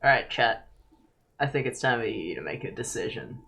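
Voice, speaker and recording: A man's voice: mid-range voice, lively intonation, normal speed, gravelly, bright, forceful tone. A man from Australia chatting casually and jokingly while streaming a game, laughing often. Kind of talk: casual gameplay stream chat.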